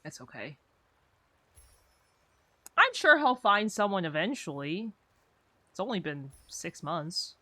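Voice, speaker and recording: A young woman game streamer chats casually while playing, her lowish voice very animated yet slow, with frequent pauses and a sharp tone. The recording has no room sound, and she rambles through stories, saying "like" constantly.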